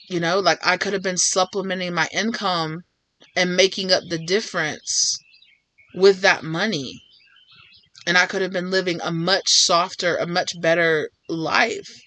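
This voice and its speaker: A woman talks through a tarot reading in a loose, rambling way, full of fillers. Her voice has a bright, forward edge, and she keeps acting out imagined back-and-forth conversations. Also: fairly low pitch, moderate pace. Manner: rambling, filler-heavy, acts out imagined dialogue. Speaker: tarot reader. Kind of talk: casual tarot reading to viewers.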